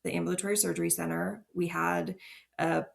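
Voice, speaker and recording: On a podcast, a woman who works as a fertility nurse shares her personal story with candor and feeling, breaking into laughs as she goes. She talks fairly quickly in a fairly low, gravelly voice with little pitch movement.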